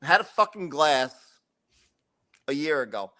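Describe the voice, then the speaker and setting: A middle-aged man with a slightly high voice tells a story on a podcast. He rants, swears often and keeps the story moving with animated energy. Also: unhurried. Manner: profane, animated ranting storyteller. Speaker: podcast co-host. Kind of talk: casual chat, storytelling.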